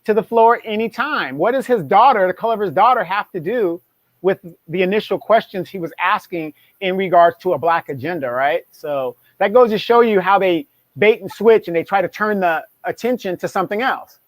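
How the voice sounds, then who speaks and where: A man co-hosting a livestream, laying out political points in a steady, argumentative way. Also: high-pitched, fairly quick, dry recording. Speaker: co-host. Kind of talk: casual chat.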